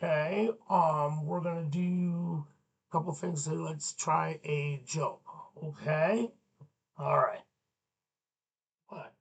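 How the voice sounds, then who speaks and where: Slow-talking, goofy man as a kids' show teacher who jokes with puppets. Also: fairly high pitch, fairly even intonation, creaky. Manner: goofy, playful banter with puppets. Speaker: children's show host and teacher.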